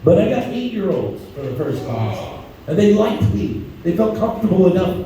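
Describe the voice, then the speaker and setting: A man's voice: high voice, big pitch swings, moderate pace, warm tone, a little hiss or hum. A male stand-up comedian telling crude stories on stage and acting out the voices in them, heard from far off in an echoey club. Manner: crude, storytelling, acts out voices.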